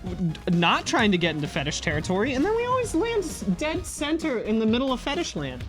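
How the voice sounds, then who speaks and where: A man's voice: very high-pitched, huge pitch swings, brisk. A man co-hosting a casual gaming show, chatting playfully and laughing often. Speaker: co-host. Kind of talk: casual chat while gaming. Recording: music playing under the voice.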